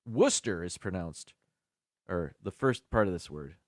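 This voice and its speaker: A man's voice: sits low, lively intonation, moderate pace, no echo, clean studio sound. A man hosting a casual live stream by himself, chatting as he thinks aloud. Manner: chatty, muses aloud about word pronunciations.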